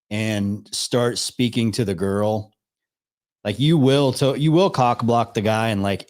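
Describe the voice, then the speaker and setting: A man's voice: lowish voice, a little mellow. A man casually commenting as he reacts to a video, laid-back and swearing now and then. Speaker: reaction streamer.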